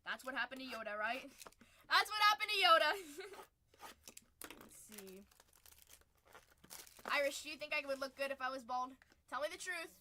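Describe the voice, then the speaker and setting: Bright, high-voiced woman streaming card breaks. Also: fairly quick, pauses often, a little hiss or hum. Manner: chatty and upbeat, calling out each card pulled. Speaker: host of a live trading card break stream. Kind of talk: casual live-stream chat.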